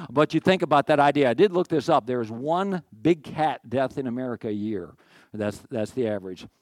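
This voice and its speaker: A man's voice: a little high, no echo. A man in his sixties preaching a sermon as pastor, folksy and rambling, with asides and jokes. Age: 60s.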